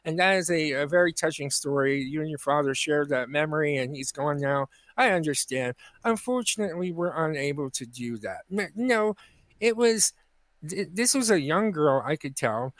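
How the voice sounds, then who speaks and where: A man co-hosting a comedy podcast, telling an indignant story in an animated way and acting out the people in it. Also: a little high, moderate pace, dry recording. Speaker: podcast co-host. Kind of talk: casual comedic chat.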